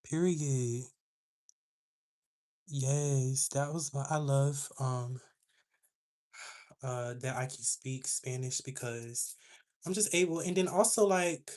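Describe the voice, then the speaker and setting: A young woman hosting a livestream, telling a story to her chat in a sassy, animated way. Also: a bass voice, takes it slowly, long pauses. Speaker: livestream host.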